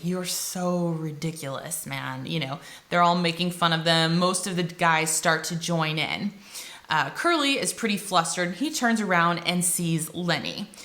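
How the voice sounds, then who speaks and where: Bright-voiced woman retelling a novel. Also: lowish voice. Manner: retells the plot with quick paraphrased character quotes and lots of "like". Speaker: teacher explaining a novel. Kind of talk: casual literature summary video.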